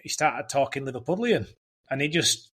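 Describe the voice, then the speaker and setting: A man's voice: mid-range voice, animated, fairly bright tone, breathy edge. Easygoing English man telling stories. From England. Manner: easygoing storyteller, halting restarts. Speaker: guest, business owner. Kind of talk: casual interview chat.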